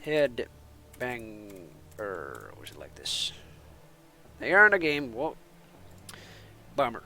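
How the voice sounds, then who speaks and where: A man's voice: mid-range voice, wildly swooping pitch, slow, gravelly, bright, forceful tone. A man from Finland, a native Finnish speaker with American-sounding English, rambling in casual stream chatter as an esports caster between matches and laughing at himself.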